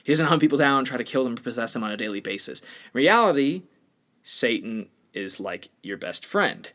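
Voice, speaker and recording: A man's voice: mid-range voice, expressive, a little fast, a bit bright. A man co-hosting a podcast, talking bluntly and with strong opinions in a casual discussion. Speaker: podcast co-host.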